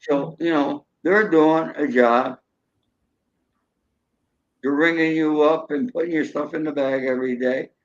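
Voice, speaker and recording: A man's voice: fairly high pitch, steady tone, a little slow, long pauses, dull audio. An older man, a show guest, telling folksy stories and acting out cheerful greetings in a raised voice. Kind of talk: storytelling.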